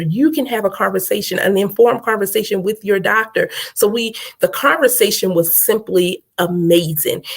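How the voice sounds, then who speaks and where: A middle-aged woman, a motivational speaker and coach, addresses her viewers live in a mid-range, slightly rough voice. She's emphatic and preachy in rhythm, repeating phrases and checking in with "right?".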